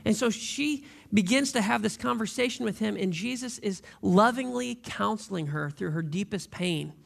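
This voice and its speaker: Male pastor, high voice with gravel, preaching conversationally and leaning on rhetorical questions. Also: moderate pace. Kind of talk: sermon.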